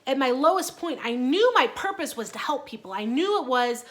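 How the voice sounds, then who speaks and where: A woman's voice: high-pitched, expressive, normal speed. A woman in her thirties talking in a casual personal vlog, chatty and earnest with many fillers. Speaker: vlogger.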